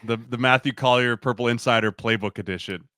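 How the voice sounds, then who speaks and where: A former football player as a podcast guest, talking in a laid-back casual way with lots of "like". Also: male voice, medium pitch, fairly even intonation, fairly quick, pushed and bright, dry recording. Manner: laid-back, says "like" often. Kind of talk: casual sports chat.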